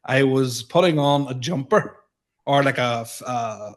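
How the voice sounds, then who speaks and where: A man in his thirties co-hosting a comedy podcast. He talks in a relaxed, easygoing way. He laughs often and lets his sentences trail off. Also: medium pitch, a little slow. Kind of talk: casual comedic chat.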